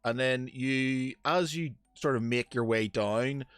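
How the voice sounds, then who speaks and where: A man's voice: mid-range voice, fairly bright tone, smooth, no echo. A man narrating as game master, hesitant with many fillers and restarts. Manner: halting, lots of fillers and restarts.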